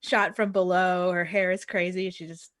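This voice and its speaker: A woman walks through a film's plot on a casual podcast, leaning on fillers as she goes. Her voice has a middle pitch. The recording is dry and close. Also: flat delivery, moderate pace, a bit bright, no room sound. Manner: recaps the plot, with frequent fillers and laughs. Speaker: podcast co-host. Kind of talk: casual film discussion chat.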